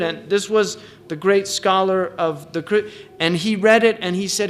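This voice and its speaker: A middle-aged man giving a reflective religious lecture, often restarting phrases and reciting verses quickly. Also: sits high, fairly bright tone, a little hiss or hum. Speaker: Islamic scholar.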